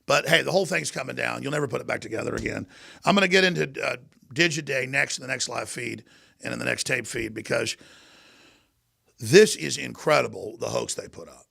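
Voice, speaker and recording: A man hosting a talk show, delivering a heated political monologue in a ranting, forceful way. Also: medium pitch, fairly quick, gravelly, breathy edge. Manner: ranting, forceful, with mocking put-on voices in quotes.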